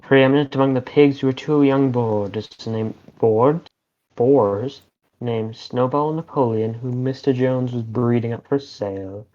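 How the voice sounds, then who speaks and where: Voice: medium pitch, measured pace, mellow. A game player reading a book aloud and narrating in a playful, mock-grand way over voice chat. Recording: lo-fi voice chat audio.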